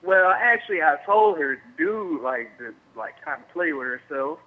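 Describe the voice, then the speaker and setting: A man phoning in to a talk show, his voice a touch raised in pitch and squeezed through a thin, tinny phone line. He talks haltingly in a strange put-on accent and breaks into easy laughter. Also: expressive. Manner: caller putting on an odd accent, halting, laughs easily. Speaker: caller. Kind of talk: phone-in call.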